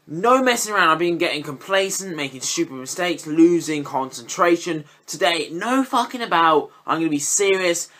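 A bright, sharp-toned young man commentates his own gameplay live. He chats casually and swears freely, then jumps into high, loud yelps when a chance comes. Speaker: gaming YouTuber.

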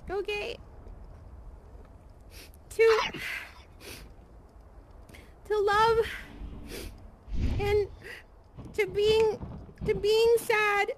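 A young woman streaming a VR game, talking softly and comfortingly to the players and creatures around her, hesitant, with many ums and sighs. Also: extremely high pitch, slight background noise. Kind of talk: casual in-game role-play chat.

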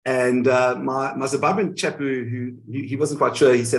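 A man in a candid interview, telling his side of events in an animated way and often correcting himself mid-sentence, heard over a video call. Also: mid-range voice, fairly quick, poor audio. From South Africa. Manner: animated storytelling, frequent self-corrections. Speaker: guest.

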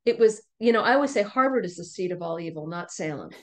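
A middle-aged woman, a podcast guest, telling a personal story in an animated way, often laughing. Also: lowish voice, fast talker. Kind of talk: storytelling in conversation.

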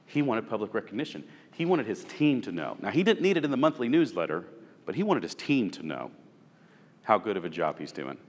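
A man's voice: on the low side, sing-song, brisk, big-room sound. A man leading a supervisory training session, telling stories from his own work and asking the group rhetorical questions. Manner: conversational, story-driven, asks rhetorical questions. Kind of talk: workplace training talk.

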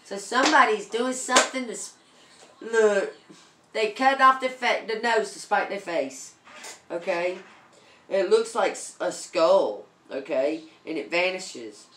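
A woman's voice: medium pitch, unhurried, a bit bright, roomy sound. A woman giving a casual tarot reading, chatty, with many ums and repeated okays. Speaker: tarot reader.

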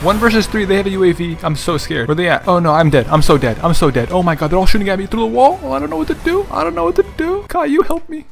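Excitable high-voiced young gamer guy. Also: quick pace, vocal fry, hardly any pauses. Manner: excitable, laughs and gasps often, repeats phrases. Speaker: gaming YouTuber. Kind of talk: excited gameplay commentary. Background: background music.

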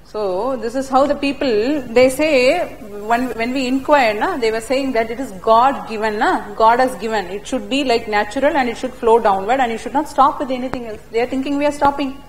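A woman's voice: fairly high pitch, moderate pace, few pauses, a little hiss or hum, rough recording. A middle-aged woman with an Indian English accent, teaching an ethics class and telling personal stories with tag questions and many restarts. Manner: animated storytelling, fillers and tag questions like "na?" and "huh?"; speaks non-native English with frequent restarts.

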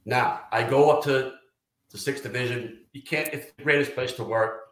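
Animated New storyteller, roomy sound. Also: male voice, medium pitch, normal speed. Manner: profane, animated anecdotes with quoted dialogue. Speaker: retired fire lieutenant guest. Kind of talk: casual storytelling interview. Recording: roomy echo.

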